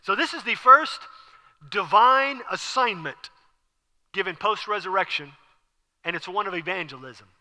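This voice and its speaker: A man preaching an animated sermon as pastor, acting out scenes with sudden whispers and exclamations. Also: sits high, a little slow, pauses often. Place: church sanctuary. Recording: church hall with long reverb.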